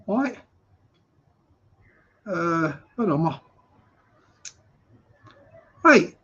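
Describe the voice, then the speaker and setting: A man's voice: sits high, very animated, extremely slow, fairly bright tone, breathy edge. A man hosting a casual live stream, rambling and repeating words as he restarts his sentences. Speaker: channel host. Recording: slightly dull lo-fi audio.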